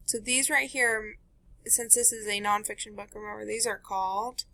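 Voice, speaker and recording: A woman teacher reading a children's nonfiction book aloud in a slow, gentle way, with asides to her class. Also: mid-range voice, fairly even intonation.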